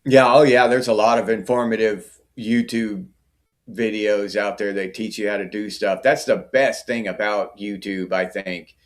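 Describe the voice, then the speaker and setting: A man's voice: lowish voice, fairly even intonation, measured pace. A middle-aged man hosting a casual livestream, chatting and answering viewer comments by name. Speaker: livestream host.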